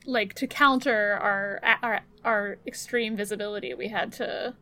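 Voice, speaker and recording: Woman co-host, slow and rambling, tired, bright and dry. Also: mid-range voice, steady tone, no echo. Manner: rambling, laughs often. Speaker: podcast co-host. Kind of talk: casual chat.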